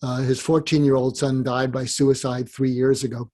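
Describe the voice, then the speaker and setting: A man, a psychiatrist guest on an interview, giving advice in animated storytelling that acts out dialogue. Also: medium pitch, moderate pace.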